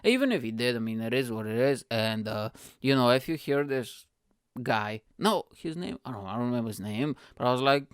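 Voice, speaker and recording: A man's voice: medium pitch, lively intonation, fast talker, clear, resonant tone, no room sound, clean studio sound. A man hosting a podcast, telling a story in a rambling, profane way with frequent laughs. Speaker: podcast host. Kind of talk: casual storytelling.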